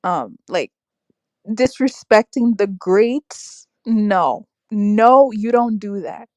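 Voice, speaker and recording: A young woman hosting a casual livestream, reacting aloud to her chat with lively, exclamatory talk. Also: mid-range voice, very slow, dry recording. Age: young adult. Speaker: livestream host reading chat. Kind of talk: casual live-stream chat.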